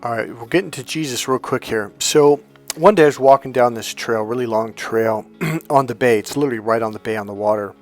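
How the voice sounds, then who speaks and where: A man's voice: medium pitch, brisk, soft background music. A middle-aged man coaching in a spontaneous, emphatic monologue, acting out the dialogue in his stories. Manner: emphatic, storytelling, acts out quoted dialogue. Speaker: self-help coach.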